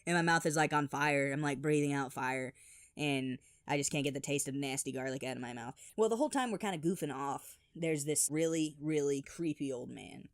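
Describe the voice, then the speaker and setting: A man telling funny childhood stories in an animated, exaggerated voice-over. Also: a little high, brisk, no room sound, clean studio sound. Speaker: storyteller. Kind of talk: animated comedic storytelling.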